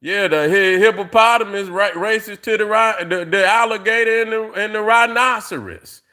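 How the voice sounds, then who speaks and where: Middle-aged guy ranting on his livestream, kinda high voice, cussing and rambling a lot. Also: normal speed, bright, forceful tone. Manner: profane, rambling, heavy fillers, addresses viewers as family. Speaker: livestream host. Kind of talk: casual livestream rant.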